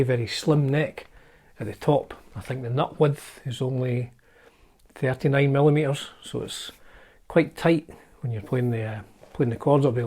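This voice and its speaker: A man's voice: mid-range voice, mellow. A Scottish man hosting a casual show-and-tell vlog, chatty and wry, often hedging his facts as he talks. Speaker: channel host showing his guitar collection.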